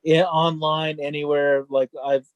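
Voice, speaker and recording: A man's voice: a little high, little pitch movement, a little slow, smooth, dry recording, muffled recording. A man co-hosting a casual theater chat show, blunt and swearing freely. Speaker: podcast co-host.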